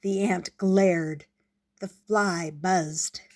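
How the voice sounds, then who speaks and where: An older woman reading a picture book aloud in an expressive storytelling manner. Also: fairly low pitch, very slow.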